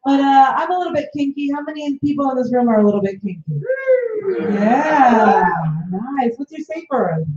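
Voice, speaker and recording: A woman hosting an open-mic night, her voice pitched high. She teases the crowd playfully between acts, and the recording is dull and lo-fi in an echoey room. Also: animated, normal speed, heavy background noise. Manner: playful, teasing the audience. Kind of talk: compering a comedy night.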